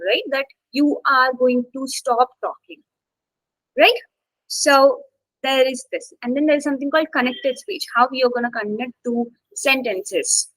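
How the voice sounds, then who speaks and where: A high-pitched woman leads a live online exam-prep class, speaking close to the mic in a dry, unechoing sound. She keeps checking in with "okay" and "got it" and leans on key words as she explains. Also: fairly bright tone, dry recording, rough recording. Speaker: test-prep instructor.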